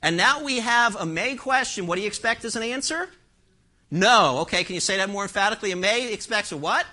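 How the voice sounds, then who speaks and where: Male pastor, sermon in church, high voice, bright tone, emphatic, rhetorical questions. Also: expressive, fast. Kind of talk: expository sermon.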